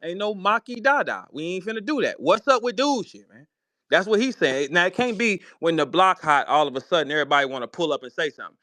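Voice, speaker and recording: A high, animated male voice hosts a heated online audio chat. He swears freely, taunts the other side, and keeps challenging them. The sound is close and dry. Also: fast talker, dry recording. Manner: profane, confrontational, laughing taunts. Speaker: host. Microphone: online audio room.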